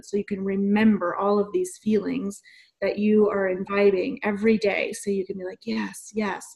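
An enthusiastic woman hosting a podcast, talking in a gushing, affirming way. Her voice sits at a middle pitch, and she chats casually with her guest. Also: warm tone. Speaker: podcast host. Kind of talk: casual chat.

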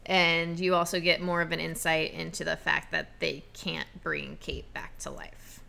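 A woman's voice: low voice, measured pace, creaky, slight background noise. A woman co-hosting a podcast, casually recapping comics and laughing easily. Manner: relaxed, laughs often, recaps plot. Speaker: podcast co-host. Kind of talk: casual chat about comics.

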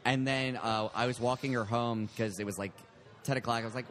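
A man hosting a podcast, telling a long story in casual chat, animated and often laughing. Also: mid-range voice, quick pace. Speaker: podcast host.

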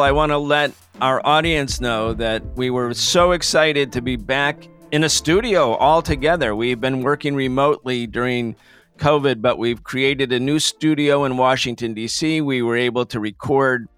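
A man's voice: medium pitch, fairly bright tone, clear, resonant tone, dry recording. A man hosting a studio roundtable, giving emphatic, indignant political commentary. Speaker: host.

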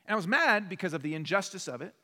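Bright, animated male pastor preaching. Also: high-pitched, quick pace. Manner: animated, acts out quoted voices in a story. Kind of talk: sermon. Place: church sanctuary. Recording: long church hall reverb.

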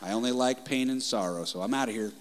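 A man's voice: mid-range voice, fast talker, in a large hall, close to an everyday voice. A preacher voicing a sulking male devil who grumbles as he retreats. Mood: sulky.

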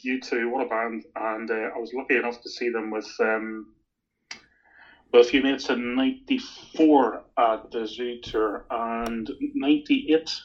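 A man's voice: medium pitch, fairly even intonation, measured pace. A middle-aged Irish man telling a long anecdote in casual chat, with laughs and stumbling restarts. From Ireland. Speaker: guest. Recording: dull lo-fi recording.

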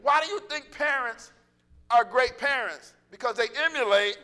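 A man preaching a sermon, animated and joking, acting out little voices and calling out to the congregation. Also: extremely high pitch, moderate pace. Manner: animated, joking, acts out voices, laughs often; calls out to congregation.

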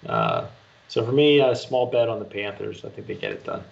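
A man on a betting panel giving his picks in a relaxed way. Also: fairly low pitch, moderate pace, vocal fry, highs cut off, a little hiss or hum. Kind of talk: casual group chat.

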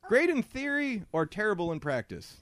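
Male comedy podcast host, mid pitch, animated storyteller with a swooping, expressive delivery. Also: normal speed. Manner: animated storyteller, laughs often. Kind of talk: casual comedic chat.

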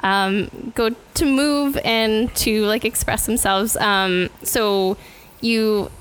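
Woman, podcast guest, casual chat, hesitant, fillers and laughs, fairly high voice. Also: takes it slowly, slight background noise, low-quality recording.

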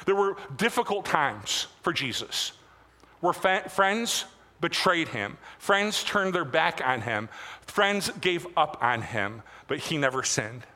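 A man's voice: fairly high pitch, sing-song, takes it slowly, sharp tone. A man preaching a sermon as pastor, conversational and self-deprecating, with casual asides. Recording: long hall reverb.

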